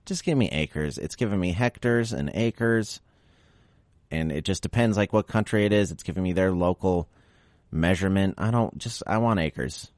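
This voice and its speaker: A man's voice: deep voice, moderate pace, a little mellow, no room sound. A male podcast host reading out a list of facts and breaking off into wry, sarcastic asides.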